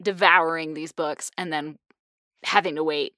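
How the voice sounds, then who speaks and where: A young adult woman hosting a casual group podcast chat, animated and laughing often with quick asides. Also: low-pitched, no echo, studio quality. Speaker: podcast host.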